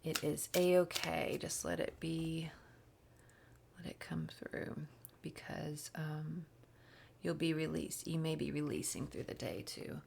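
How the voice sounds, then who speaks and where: A woman giving a casual spiritual card reading, rambling and soft-spoken, sometimes slipping into whispers. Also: sits low, measured pace, vocal fry, slight background noise. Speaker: spiritual reader. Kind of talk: casual channeled tarot reading.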